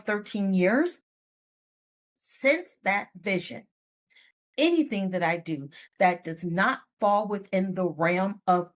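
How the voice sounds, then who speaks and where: A middle-aged woman author telling stories in a podcast interview, expressive and playful with asides. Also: mid-range voice. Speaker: guest author. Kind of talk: podcast interview, casual storytelling.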